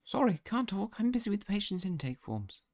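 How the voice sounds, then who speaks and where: A man voicing a harried hospital receptionist in a video game, brisk and dismissive. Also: high-pitched, very animated, a little mellow, no echo, studio quality, pitched above the performer's own voice. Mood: brisk, busy.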